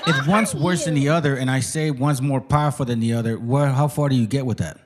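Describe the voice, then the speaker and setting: A man's voice: medium pitch, a little fast, heavy background noise. A man hosting a class, giving lecture-style commentary, who calls his listeners friends and reads aloud from his notes. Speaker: host teaching a class.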